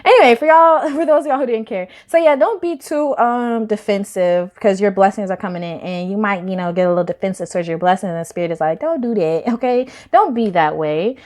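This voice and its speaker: A woman's voice: medium pitch, fast, few pauses, a little mellow. A woman giving a casual tarot reading to camera, chatty and emphatic, talking straight to her viewers and swearing now and then. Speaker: tarot reader.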